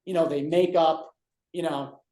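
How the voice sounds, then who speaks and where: A man's voice: fairly high pitch, fairly even intonation, unhurried, mellow. A man in a casual chat, rambling through episode plots with lots of "you know"s. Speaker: guest co-host. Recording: roomy echo.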